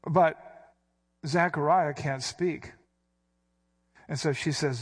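A man's voice: a little high, takes it slowly, creaky, long pauses, husky. A man preaching a sermon, explaining scripture with emphatic, dramatic inflections. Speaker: pastor.

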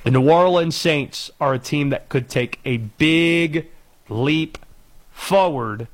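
A man with a Cajun accent hosting a sports talk radio show, loud, excitable and jokey. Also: takes it slowly, dry recording. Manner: loud, excitable, jokey, swings pitch for emphasis.

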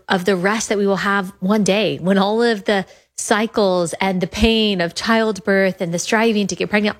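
A woman in her thirties hosting a podcast, talking earnestly and enthusiastically, repeating words for emphasis. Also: on the low side. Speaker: podcast host. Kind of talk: casual monologue about her app.

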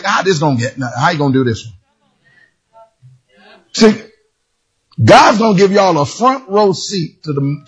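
A man preaches with a high, very husky voice that leaps wildly in pitch. He tells stories in other people's voices, shouts, and slides into half-sung lines. The recording is dull and lo-fi. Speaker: pastor. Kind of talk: sermon. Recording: dull lo-fi sound.

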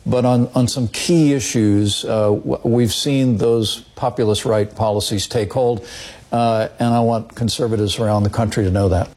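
A male politician answers an interview question at a mid pitch. He speaks in a measured way but halts often with fillers. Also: fairly even intonation, a little mellow.

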